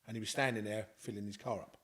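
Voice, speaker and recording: A man's voice: fairly low pitch, steady tone, quick pace, fairly bright tone. Earnest rambling storyteller, London man. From Scotland. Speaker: interview guest. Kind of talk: casual storytelling.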